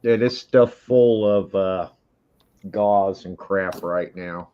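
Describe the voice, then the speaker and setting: A man's voice: deep voice, slow pace, clean tone, muffled recording. A man calling in to a stream over a video call, talking matter-of-factly and swearing casually. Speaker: call-in guest. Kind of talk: casual chat.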